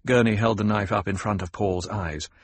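A man narrating an audiobook in a steady, measured way. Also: lowish voice, breathy edge, dry recording. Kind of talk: scripted narration.

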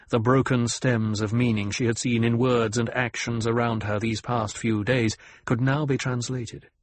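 A man narrating an audiobook in a steady, even storytelling manner. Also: mid-range voice, slightly rough, no echo. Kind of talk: scripted narration.

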